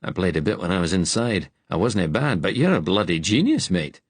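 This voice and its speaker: A man's voice: deep voice, very animated, fairly quick, slightly rough, dry recording, full character voice. A man voicing a blunt, joking working-class Scottish man with a Scottish accent in an audiobook. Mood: teasing. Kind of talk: audiobook character voice.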